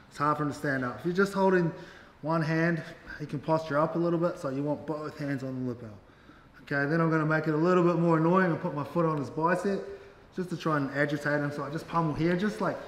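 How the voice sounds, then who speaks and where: Relaxed New Zealand jiu-jitsu coach, mid pitch, in a reverberant gym hall with faint background noise. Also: male voice. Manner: relaxed, slangy, lots of fillers. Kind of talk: casual interview and technique instruction.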